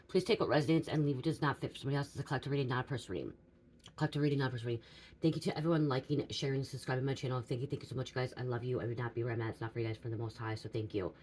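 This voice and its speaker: A woman's voice: very deep voice, racing, darkish tone, a little hiss or hum, poor audio. A woman, a psychic reader with school-age daughters, talking casually and rambling through a spiritual reading, often restarting and checking in with "okay?" and "you guys". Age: adult parent of school-age daughters.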